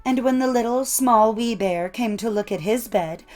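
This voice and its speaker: A woman reading old folk tales aloud in a measured storytelling cadence. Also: fairly high pitch, a little mellow, soft background music. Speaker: narrator. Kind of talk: scripted storybook narration.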